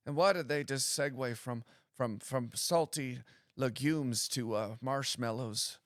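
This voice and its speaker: A man talking in a relaxed, rambling way, full of self-deprecating, deadpan asides and leaning heavily on "like" as a filler. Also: mid-range voice, unhurried, no echo, clean studio sound. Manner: heavy use of "like" fillers. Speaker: stand-up comedian guest. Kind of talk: casual podcast chat.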